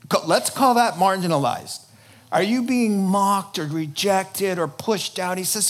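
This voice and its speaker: High-voiced man preaching with passion. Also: measured pace. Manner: impassioned preaching, swinging between loud bursts and hushed lines, acting out quotes. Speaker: pastor. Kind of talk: sermon.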